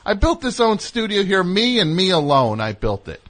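A man's voice: sits high, very animated, moderate pace, a bit bright. A man hosting a radio show, bantering in a sarcastic, combative way with guests and callers. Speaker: host.

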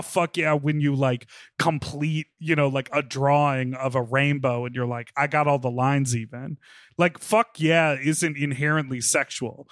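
A man's voice: mid-range voice, a bit bright, no echo, clean studio sound. A man co-hosting a podcast, chatting frankly and telling stories with easy laughs. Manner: frank, storytelling, laughs easily. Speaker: podcast co-host. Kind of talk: casual podcast chat.

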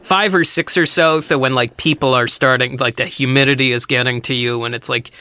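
Bright-voiced woman telling an animated story. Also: a little fast, no echo. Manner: animated storyteller, acts out other people's voices with big pitch jumps. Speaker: podcast co-host. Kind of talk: casual storytelling.

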